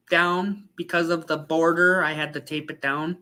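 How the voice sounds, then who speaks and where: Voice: mid-range voice, level tone, unhurried, bright, forceful tone. A photographer hosting a casual livestream, chatting and reading out viewer comments.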